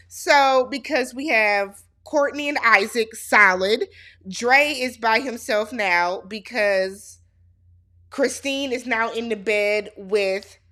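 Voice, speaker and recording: A woman's voice: fairly high pitch, sharp tone. A woman hosting a casual reality show recap, sassy and speaking straight to the cast as if they could hear her.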